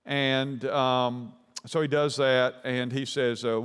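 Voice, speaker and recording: A man's voice: mid-range voice, level tone, slow, fairly bright tone, smooth, in a large hall. A man preaching a sermon, telling a long anecdote in a folksy, rambling way. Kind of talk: sermon storytelling.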